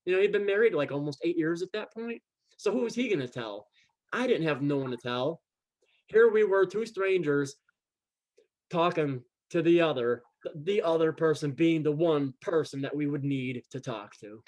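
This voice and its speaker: A man's voice: a little high, moderate pace. A man telling a personal story in casual chat, acting out the quoted dialogue and often repeating words as he goes. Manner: animated, acts out quoted dialogue. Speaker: guest.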